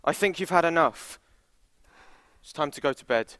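A woman's voice: low voice, animated, moderate pace, a bit bright, dry recording, studio quality, in a large hall, pitched below the performer's own voice. A woman voicing a bossy older brother who speaks in a firm, scolding way. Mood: stern.

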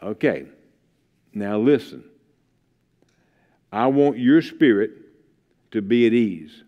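A male preacher voicing God as a calm, gentle figure who speaks softly and slowly. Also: mid-range voice, in a large hall, pitched below the performer's own voice. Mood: hushed tender. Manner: hushed, tender, slow. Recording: dull lo-fi livestream sound.

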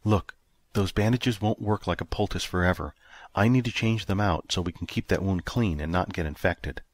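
A man voicing a caring young woman on a spaceship crew, speaking gently but firmly in an audiobook. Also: sits low, moderate pace, no room sound. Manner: gentle but firm, softly spoken. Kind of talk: audiobook character reading.

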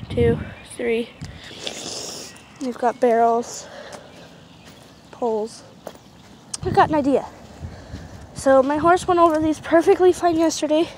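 A young woman vlogging casually outdoors at a horse pasture, chatty and rambling, talking sweetly to her horses on a handheld camera. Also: high voice. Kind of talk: casual vlog while doing chores. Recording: noisy outdoor recording.

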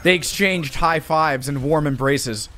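A man's voice: on the high side, a little slow, pushed and bright. A man streaming a game, chatting casually with friends and narrating in mock drama. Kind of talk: casual gaming chat.

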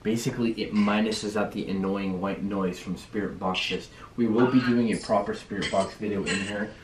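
A young man with a low voice vlogs a night of ghost hunting in a hotel room. He talks in hushed tones and then calls out loudly to spirits. The room is echoey and there is clear noise behind him. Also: fairly even intonation, moderate pace. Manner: hushed then suddenly loud, calling out to spirits. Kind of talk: casual ghost-hunting vlog.

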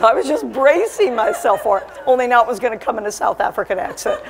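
A woman's voice: on the high side, expressive, fast talker, hardly any pauses, long reverb tail, noisy background. A woman evangelist preaching a sermon in a church, telling stories with humor and rising to fervent declarations. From Alaska. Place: church sanctuary.

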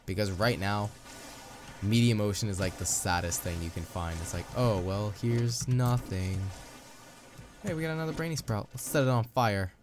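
Young male let's-play host, chatty and upbeat, low voice, game music underneath. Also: lively intonation, fairly quick. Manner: chatty, upbeat, playful asides. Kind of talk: casual gameplay commentary.

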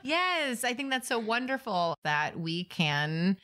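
A woman's voice: on the high side, sing-song, takes it slowly, a bit bright. A woman co-hosting a comedy podcast, chatting earnestly and enthusiastically. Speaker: co-host. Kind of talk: casual banter.

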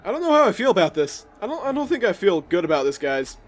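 A young man talks through a video game in a loose, chatty way, cracking jokes and reacting on the spot. His slightly high voice swings up and down a lot. Soft game music plays under him. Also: sing-song, fast. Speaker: gaming video host. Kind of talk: casual let's play commentary.

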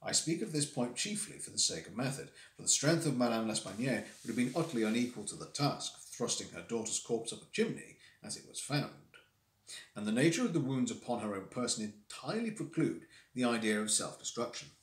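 A man voicing a cool, analytical gentleman detective who reasons aloud in a measured, lecturing manner, read from a classic story on a livestream. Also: mid-range voice, lively intonation, close to an everyday voice. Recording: roomy echo.

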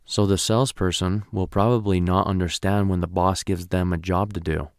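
Deep, gravelly male trainer. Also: fairly even intonation, moderate pace, no room sound, studio quality. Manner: conversational, keeps checking in with "right?". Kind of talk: recorded lecture.

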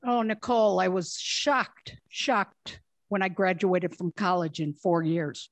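Woman in her sixties, interview guest, storytelling, lowish pitch. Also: steady tone, takes it slowly, no room sound. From Minnesota. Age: 60s. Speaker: guest speaker.

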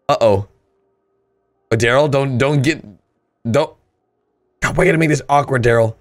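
A man hosting a casual reaction commentary in an excitable way, often bursting into loud laughter and gasps. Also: mid-range voice, normal speed, long pauses. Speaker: host.

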